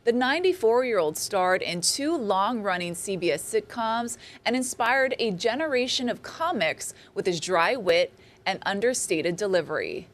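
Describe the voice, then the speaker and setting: A woman anchoring a local newscast, introducing stories and the weather in a clear, crisp way. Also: medium pitch, expressive, moderate pace. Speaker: news anchor. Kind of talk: live news anchoring.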